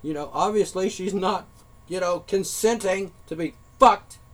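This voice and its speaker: A slightly high-voiced man rants at his audience in a heated, confrontational monologue. He swears often and presses his points with rising force. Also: a little slow. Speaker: vlogger. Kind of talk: angry monologue rant.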